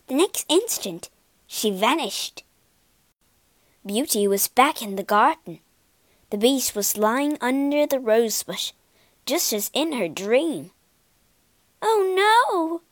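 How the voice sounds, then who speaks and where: A woman reading a storybook aloud in an expressive, unhurried way. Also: on the high side, no echo.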